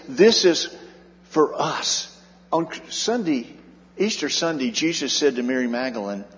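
A pastor delivering an earnest sermon, his fairly high male voice swelling and dropping to drive points home. The sound is dull and muffled. A long reverb trails his words through the church hall. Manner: earnest preaching, rising and dropping in volume for emphasis. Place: church sanctuary.

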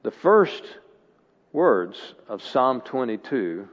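A man's voice: mid-range voice, measured pace. Earnest male preacher in a reverberant hall. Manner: earnest, rising to emphatic bursts. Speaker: guest preacher. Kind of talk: sermon. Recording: dull sound with long hall reverb.

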